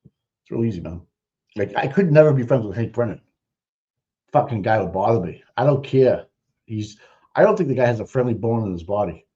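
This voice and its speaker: A man's voice: lowish voice, lively intonation, fairly quick, pauses often, warm tone. A man hosting a livestream, talking in a blunt, rambling way with a lot of swearing. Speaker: livestream host. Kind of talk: casual profane livestream commentary. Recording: dull lo-fi audio.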